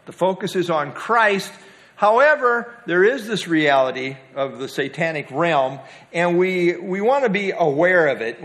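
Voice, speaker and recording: Man, Bible study teacher, higher-than-average voice, casual delivery with filler words, stresses key words. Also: a bit bright. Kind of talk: Bible teaching to a small group.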